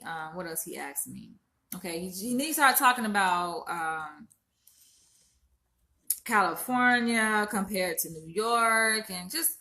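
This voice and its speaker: A woman in her twenties from Florida talks straight to her viewers, calling them "y'all" and swearing freely. Her voice is bright and tense, with pitch in the middle range. She is upset and holding back tears as she vents. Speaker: vlogger. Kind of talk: casual venting to camera.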